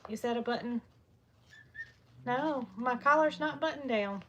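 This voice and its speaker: A woman's voice: fairly high pitch, measured pace, a bit bright, lo-fi sound, slight background noise. A woman, chatting casually on a farm live stream from a small heated milk room and cooing at the baby animals now and then. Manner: chatty and folksy, often stops to coo at baby animals. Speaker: farm vlogger.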